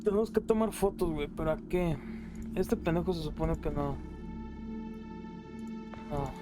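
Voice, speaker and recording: A man's voice: fairly high pitch, moderate pace, music in the background. A man with a Mexican Spanish accent giving crude, joking commentary while he plays a video game. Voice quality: crude, joking, talks to himself. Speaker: gameplay streamer. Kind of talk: casual gameplay commentary.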